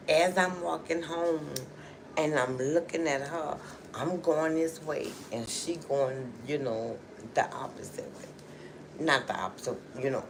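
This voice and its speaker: Against a noisy background, a deep-voiced woman hosting a livestream tells her viewers a personal story. She's chatty and emotional, peppering her speech with "you know" and "okay."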